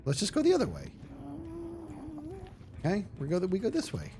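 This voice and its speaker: A man chats on a live game stream, thinking out loud and teasing himself as he plays. His pitch jumps around a lot. Quiet background music runs underneath. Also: wildly swooping pitch, a little fast. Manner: rambling, self-mocking, thinks aloud. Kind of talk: live gaming stream chat.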